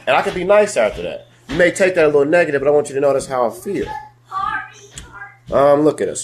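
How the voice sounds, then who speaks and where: Young male host, casual live-stream talk, animated and direct, mid pitch, faint background noise. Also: brisk, long pauses. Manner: animated, swings from loud to low, speaks to viewers. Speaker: host of a live discussion show.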